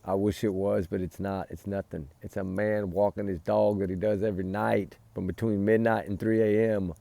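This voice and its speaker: Gravelly, heated man ranting. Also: on the low side, steady tone, moderate pace, warm tone, dry recording. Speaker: true-crime vlogger. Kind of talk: casual commentary. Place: outdoors by a fire pit at night.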